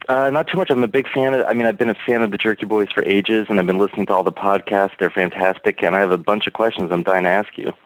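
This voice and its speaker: A man's voice: fairly low pitch, fairly even intonation, fast, hardly any pauses, dry recording, poor audio. A man calling in to a podcast, chatty and eager, asking long questions full of fillers. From Alexandria, Virginia, USA. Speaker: caller. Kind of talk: casual call-in chat.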